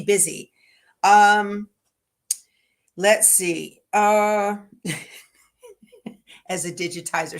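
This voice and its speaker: A middle-aged woman hosting a casual livestream. She talks in a chatty, homey, rambling way, speaking straight to her viewers at an even, middling pitch. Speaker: livestream host.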